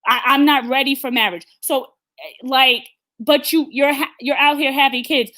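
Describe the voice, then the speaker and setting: Woman host, fairly high and tense voice, blunt opinion talk, lots of restarts. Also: normal speed, sharp tone. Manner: emphatic and blunt, with frequent stammered restarts. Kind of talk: opinionated live-stream talk.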